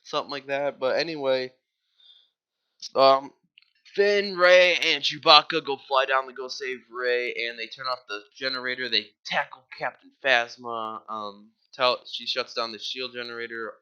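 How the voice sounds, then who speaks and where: A man's voice: medium pitch, moderate pace, sharp tone, clear, resonant tone, lo-fi sound. A man giving a casual, rambling movie plot recap, full of "like" and offhand swearing. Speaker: movie reviewer.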